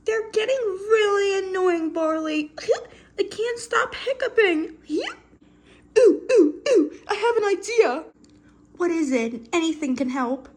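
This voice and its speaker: A woman's voice: very high voice, expressive, takes it slowly, a little mellow, heavily acted. A woman voicing Sofie, a plush toy girl with the hiccups in a toy skit, whimpering and giggling as she talks. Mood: giggly. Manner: giggly and whimpering, keeps laughing.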